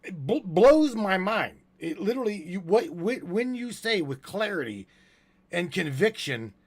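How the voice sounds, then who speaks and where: A man hosting a live broadcast, talking casually in halting bursts with many restarts, and getting worked up. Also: high voice, breathy edge. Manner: halting, stammers and restarts, grows excitable. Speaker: host.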